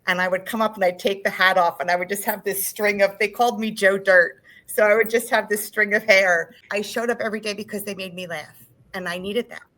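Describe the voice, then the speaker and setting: A woman real estate agent speaking on a panel, telling emotional, animated stories about hard times. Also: mid-range voice, a little fast, low-quality recording. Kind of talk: candid panel talk.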